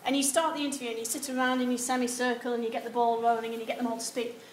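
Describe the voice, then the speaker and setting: A high-pitched woman lectures students in an echoey room, lively and acting out sample answers in quoted voices. A faint hum of noise sits under her voice. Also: racing. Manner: animated, acts out example replies. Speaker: university lecturer. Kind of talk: lecture on research methods. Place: lecture hall.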